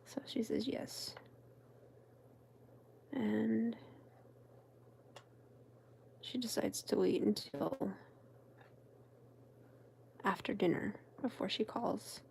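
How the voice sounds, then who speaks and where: Slow, gravelly whispering woman. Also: mid-range voice. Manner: soft, meandering, chatty whisper. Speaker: crafting channel host. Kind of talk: whispered storytelling while crafting.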